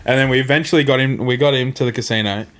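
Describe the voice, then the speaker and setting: Young Aussie bloke, podcast co-host, animated sweary storyteller, mid-pitched. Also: male voice, racing. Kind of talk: casual banter.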